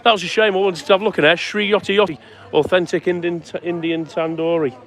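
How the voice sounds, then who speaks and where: A man's voice: high voice, steady tone, quick pace, a bit bright. Chatty man streaming a walk. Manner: chatty, greets viewers by name while walking. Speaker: live-stream vlogger. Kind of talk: live walking vlog, chatting to viewers. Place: outdoors on town streets at sunset. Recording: faint outdoor street noise.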